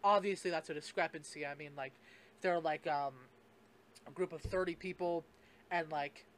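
Rambling high-voiced podcast guy. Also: fairly even intonation, normal speed, fairly bright tone. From Canada. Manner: rambling, profane, full of fillers and restarts. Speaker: podcast host. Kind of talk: casual solo podcast rant.

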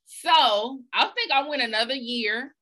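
This is a woman podcast host in casual conversation, telling a personal story with lots of slang and animation. Her voice sits a little high and sounds bright and sharp. She keeps the tone loose and chatty. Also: unhurried.

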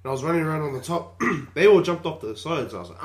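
A man's voice: a little high, quick pace. A man telling childhood stories in casual chat, laughing and swearing casually. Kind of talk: casual storytelling among friends.

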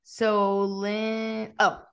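A woman co-hosts a podcast and chats casually, animated and emphatic, often joking. Her voice has an ordinary pitch for a woman. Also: drawn-out words, smooth. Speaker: podcast co-host. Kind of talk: casual chat.

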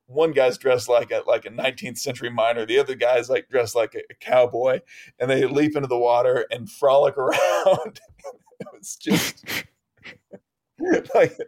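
Laughing, rambling male storyteller. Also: medium pitch. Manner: rambling, animated, laughs often. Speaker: guest. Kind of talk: casual storytelling interview.

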